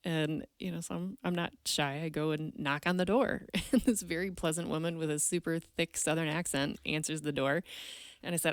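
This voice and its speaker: Low-voiced woman telling an earnest story. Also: fairly quick, no room sound, clean studio sound. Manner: earnest, candid, with frequent restarts. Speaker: podcast guest. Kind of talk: personal storytelling in conversation.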